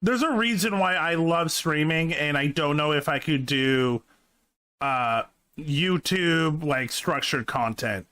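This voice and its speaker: A man with a bright, ringing voice, fairly high for a man, reacting casually to a video. He sounds enthusiastic and swears freely as he comments. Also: takes it slowly.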